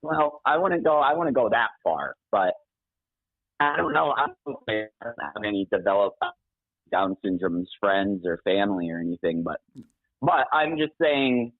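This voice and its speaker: A man's voice: lowish voice, lively intonation, measured pace, dry recording. Man on a tinny phone line. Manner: laughs often, rambling with restarts. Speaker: caller. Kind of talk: casual phone banter.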